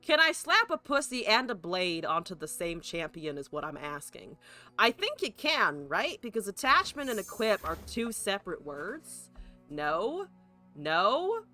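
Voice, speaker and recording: A woman's voice: mid-range voice, very animated, measured pace, pushed and bright, soft background music. A woman streamer ranting with exasperation while playing a card game, swearing and firing off rhetorical questions.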